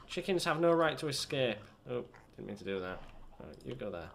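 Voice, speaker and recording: The gaming host's mid-range voice is gravelly yet a bit bright, and he speaks briskly and very animatedly. This young British man rambles and pokes fun at himself while narrating his let's play, against slight background noise.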